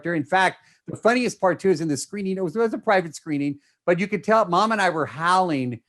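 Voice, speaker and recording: A man's voice: high voice, animated, fairly quick, a bit bright. A man interviewing film talent at a press junket, effusive and enthusiastic.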